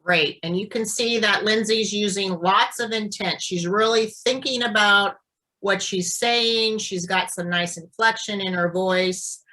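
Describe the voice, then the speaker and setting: A woman speech therapist explaining and demonstrating voice exercises in a clear, deliberate teaching manner. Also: mid-range voice, steady tone, pushed and bright, rough recording. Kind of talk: instructional demonstration.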